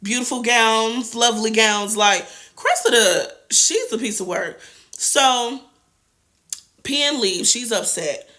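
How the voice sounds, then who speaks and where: A young woman hosting a TV review show, recapping an episode in slangy, animated casual chat with sassy asides. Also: on the high side, slow. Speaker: TV review host.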